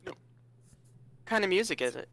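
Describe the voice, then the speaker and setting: A teasing player in a casual tabletop game. The voice swings widely in pitch. It is recorded dry and close. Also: animated, a bit bright, no room sound. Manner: teasing, quick to joke.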